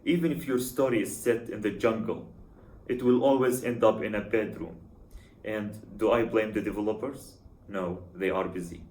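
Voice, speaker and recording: A man's voice: fairly low pitch, moderate pace, darkish tone. A man giving scripted voice-over commentary in a wry, sarcastic manner. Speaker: YouTube commentator. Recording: echoey room.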